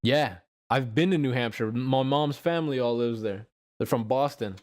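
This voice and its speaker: A man's voice: mid-range voice, a little mellow. A young man from California with a Californian accent, chatting casually with friends, rambling and swearing. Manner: rambling, swearing, drawn-out phrases. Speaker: friend in group chat. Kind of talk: casual chat.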